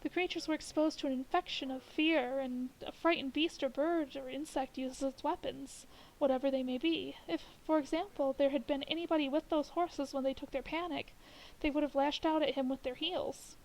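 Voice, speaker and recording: A woman reading the lines of an earnest gentleman who calmly presses a strange theory. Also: high voice, poor audio. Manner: measured, insistent. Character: earnest middle-aged gentleman building a theory.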